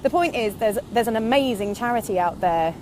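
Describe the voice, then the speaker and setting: Her voice is on the high side, expressive and a little fast, with background noise behind it. She's a woman in her thirties running an online business vlog, walking outdoors and somewhat out of breath. The monologue is casual and reflective, candid and rambling with plenty of tangents.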